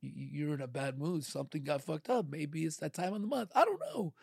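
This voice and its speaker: A middle-aged man in casual podcast chat, animated and acting out quoted voices. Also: a little high, brisk, creaky, slightly rough, no room sound, studio quality.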